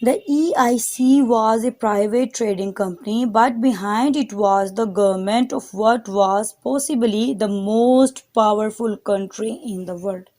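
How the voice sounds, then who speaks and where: A woman teacher reads a history chapter aloud at an unhurried pace. She stops to explain difficult words and turns to her students now and then. Her delivery is steady and deliberate. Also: on the high side. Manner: addresses her students directly. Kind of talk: textbook reading and explanation.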